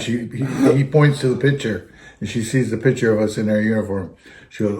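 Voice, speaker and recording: Low-voiced ex-fire captain storyteller. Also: male voice, steady tone, moderate pace, mellow. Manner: rambling, anecdotal, keeps circling back with "anyhow". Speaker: retired fire captain telling stories. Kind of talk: casual storytelling.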